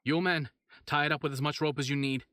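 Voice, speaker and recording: A man voicing an anxious, blustering male mayor who barks orders loudly. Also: a little high, steady tone, fast talker, no echo, clean studio sound, pitched above the performer's own voice. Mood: furious. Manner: loud, commanding, pressured.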